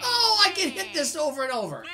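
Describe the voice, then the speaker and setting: A woman from Canada hosting a let's-play, excitable and laughing as she chats to viewers. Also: sits high, a little fast, heavy background noise. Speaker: gaming channel host. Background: faint game music.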